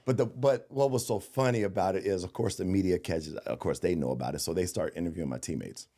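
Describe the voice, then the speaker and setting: A man's voice: deep voice, quick pace. A middle-aged man, a former ballplayer, telling locker-room stories in casual chat with lots of laughter. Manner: animated, laughing storyteller. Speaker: guest, former baseball player.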